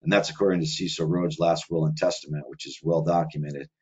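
Low-voiced man, rambling and conversational. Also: flat delivery, fast talker, husky, lo-fi sound. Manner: rambling, run-on delivery with many filler words. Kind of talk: casual conversational monologue.

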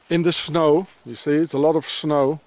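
A man's voice: a little high, vocal fry, darkish tone. A man with a South African accent filming himself outdoors in the snow, ranting bitterly and accusingly at those he blames, repeating his insults. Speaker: father filming a vlog. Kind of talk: angry ranting vlog to camera.

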